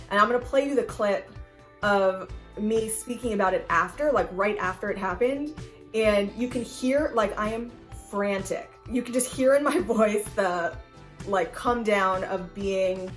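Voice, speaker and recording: A young American woman vlogger telling a road trip story in a casual, animated way, full of "like" and the odd swear word. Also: mid-range voice.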